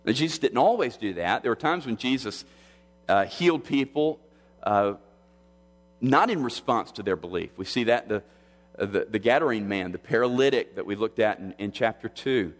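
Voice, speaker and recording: A man preaching in a church sanctuary, his voice trailing off into a long echoing reverb. He speaks in a measured, earnest way at a middling pitch, circling back and restarting phrases as he works through the text. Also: animated. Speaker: pastor. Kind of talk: expository sermon.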